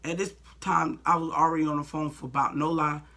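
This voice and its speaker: Low, flat, and fairly quick, her pushed and bright voice drives a storytime vlog. This young woman recounts something personal bluntly and heatedly, peppering it with "like" and curse words.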